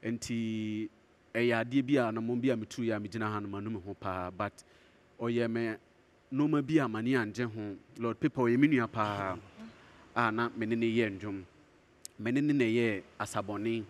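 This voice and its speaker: A man's voice: mid-range voice, moderate pace. Man, Ghanaian accent, musician, interview answers, earnest, explaining himself.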